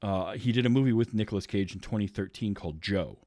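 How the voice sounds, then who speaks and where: Male podcast host, low register, rambling casual movie chat, dry close sound. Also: fast talker, mellow, dry recording. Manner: rambling, fills with ums, acts out scenes.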